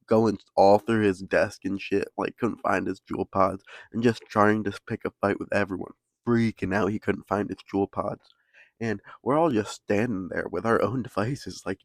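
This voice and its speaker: A man's voice: on the low side, moderate pace, no room sound. A young man casually telling a story in laid-back slang, swearing constantly.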